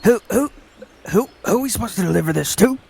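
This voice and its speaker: A man's voice: sits high, lively intonation, quick pace, vocal fry, a little mellow, breathy edge. A man playing a tabletop game, joking and mimicking others. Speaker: player.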